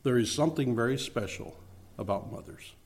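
A man's voice: medium pitch, a little fast, a little mellow. Earnest male pastor preaching. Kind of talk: sermon.

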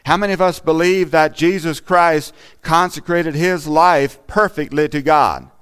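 A man's voice: on the high side, fairly even intonation, measured pace, fairly bright tone, smooth. A man giving an earnest, conversational sermon in a church, often saying "you know" as he talks. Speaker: lay preacher.

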